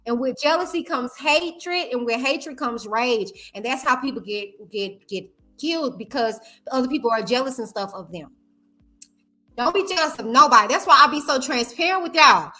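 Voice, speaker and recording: A woman's voice: high-pitched, lively intonation, normal speed, bright, forceful tone. A woman hosting a vlog, giving emphatic, chatty commentary straight to her viewers. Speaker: vlog host. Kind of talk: casual commentary.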